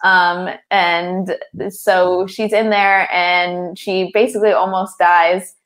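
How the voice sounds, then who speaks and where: A woman's voice: fairly low pitch, flat delivery, takes it slowly, fairly bright tone. A young woman co-hosting a podcast who chats and giggles her way through a movie recap, with many fillers. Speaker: podcast co-host. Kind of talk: casual movie recap chat.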